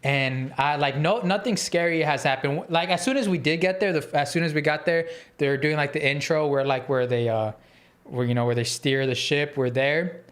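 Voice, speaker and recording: Man, somewhat high-pitched, casual storytelling, rambling and animated. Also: normal speed. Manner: animated, rambling with fillers and restarts. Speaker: podcast host.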